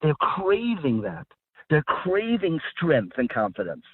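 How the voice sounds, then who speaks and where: A man's voice: a little high, huge pitch swings, slow, breathy edge, no echo. A man speaking as a guest rabbi in a radio discussion, talking emphatically with frequent repeated words and restarts. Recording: dry, phone-like line.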